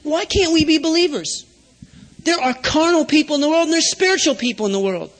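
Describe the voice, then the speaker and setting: A male preacher with a strikingly high voice delivers a sermon as a step-by-step lesson. He keeps turning to his listeners with questions to check that they follow. His voice rings out in a large hall with a long reverb tail. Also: animated, brisk, a bit bright. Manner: teaching step by step, asking the audience questions.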